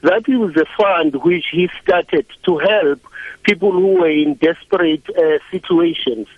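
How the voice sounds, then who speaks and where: A man's voice: fairly high pitch, unhurried, dry recording. A man calling a radio show, recalling his work for the church in a hesitant way with frequent restarts. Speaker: caller, former church worker. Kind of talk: phone-in recollection. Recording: tinny phone line.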